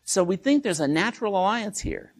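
A man's voice: sits high, animated, brisk. A male lecturer giving an academic talk in a joking way, with frequent restarts and "right?" tag questions.

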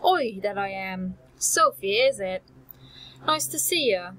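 A woman voicing a gruff but friendly old male dwarf smith who talks in a folksy, homely way. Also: medium pitch, animated, slow, a bit bright, low-quality recording. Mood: hospitable.

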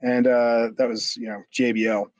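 A middle-aged former wrestler telling a story in an interview, rambling with many fillers and swearing. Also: male voice, mid-range voice, level tone, normal speed, dry recording. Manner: rambling, many fillers, swears, acts out others' shouted lines. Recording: dull lo-fi dry sound.

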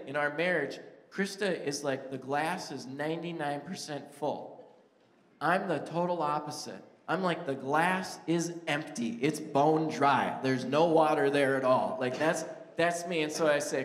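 A man's voice: on the high side, normal speed. Man preaching in an echoey hall. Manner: conversational, storytelling, jokes with the crowd. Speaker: pastor. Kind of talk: sermon. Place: church sanctuary. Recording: echoey church hall reverb.

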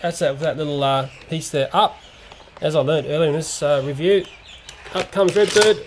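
A man's voice: fairly high pitch, normal speed, a little hiss or hum. A man casually reviewing a toy playset, chatty and given to exclamations like "oh dear.".

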